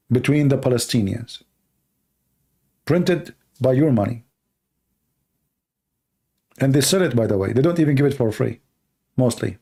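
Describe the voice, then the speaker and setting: Gravelly, dark-voiced man talking bluntly. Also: mid-range voice. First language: Arabic. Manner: blunt, repetitive, emphatic. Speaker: show host answering viewer questions. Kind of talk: casual live-stream talk.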